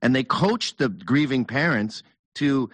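A man's voice: mid-range voice, expressive, a little slow, fairly bright tone, no echo. A man hosting a casual chat, talking bluntly and emphatically, often with mockery.

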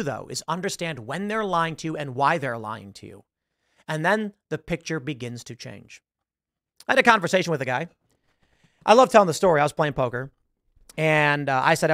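A man's voice: fairly high pitch, fairly bright tone, no room sound, clean studio sound. A man hosting a political commentary show, talking casually to his audience with rhetorical questions and stories. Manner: conversational, rhetorical, storytelling.

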